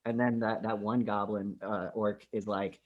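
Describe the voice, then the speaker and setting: A man's voice: lowish voice, moderate pace, highs cut off. A man co-hosting a podcast, casually retelling movie scenes with lots of swearing. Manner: profane, animated scene retelling. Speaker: podcast co-host. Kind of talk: casual film discussion.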